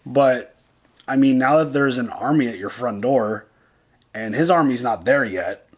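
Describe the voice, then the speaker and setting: Husky and a bit slow, this man's mid-range voice has lively intonation. He's a reaction video co-host chatting casually and profanely, peppering everything with "like" and "dude," thinking out loud and starting his sentences over.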